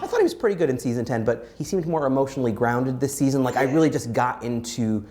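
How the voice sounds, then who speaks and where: A hoarse woman with an American accent, co-hosting a recap chat in a wry, dramatic way while getting over a chest infection. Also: extremely low pitch, lively intonation, warm tone, faint music behind. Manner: wry and dramatic, given to quick jokes. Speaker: co-host of recap show. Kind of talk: casual critique chat.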